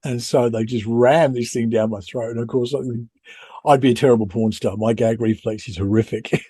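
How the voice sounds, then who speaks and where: A middle-aged British man telling a personal story on a podcast. His voice is mellow and a little husky, recorded close and dry. He rambles, restarts and pokes fun at himself. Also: mid-range voice, brisk, no echo. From United Kingdom. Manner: rambling, self-deprecating, many restarts. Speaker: podcast co-host. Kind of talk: casual storytelling.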